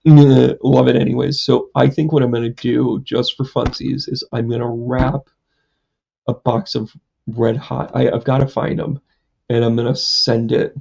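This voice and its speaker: A man's voice: medium pitch, little pitch movement, moderate pace, gravelly, a little mellow, breathy edge, lo-fi sound. A man, a psychic medium, chatting casually on a live stream, rambling through a story with lots of fillers and self-mocking jokes.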